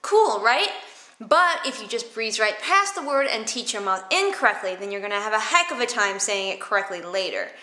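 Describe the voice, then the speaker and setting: A woman teaching theatre vocal warmups in a playful, silly way, exaggerating her mouth movements. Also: on the high side, big pitch swings, normal speed. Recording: echoey room.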